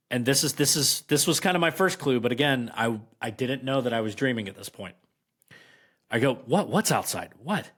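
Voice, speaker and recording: A man's voice: medium pitch, fairly bright tone. Man telling a story, rambling and emphatic. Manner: rambling, many fillers and restarts, slow emphatic stresses. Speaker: podcast guest. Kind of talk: casual storytelling.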